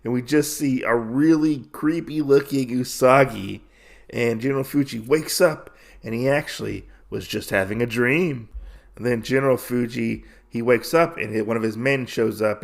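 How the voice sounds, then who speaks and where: A man's voice: mid-range voice, normal speed, gravelly. A man hosting a podcast, casually recapping a comic book with lots of fillers and loose asides. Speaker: podcast host.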